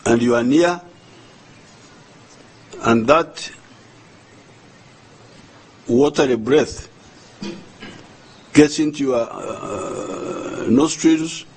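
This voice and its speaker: An older man with a Ugandan accent giving a formal address to the nation as head of state, speaking slowly and deliberately and often repeating words as he searches for the next one. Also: medium pitch, animated, darkish tone, slight background noise, poor audio.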